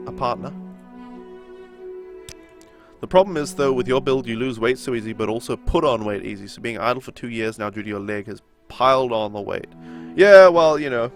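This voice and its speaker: A young man with a nasal voice and a sore throat, chatting casually as he streams a game and answers his viewers. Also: fairly low pitch. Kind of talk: casual chat during a live game stream.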